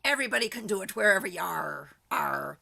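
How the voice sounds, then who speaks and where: A woman's voice: medium pitch, measured pace, vocal fry, a crowd in the background. A woman hosting an online improv show, chatty and jokey.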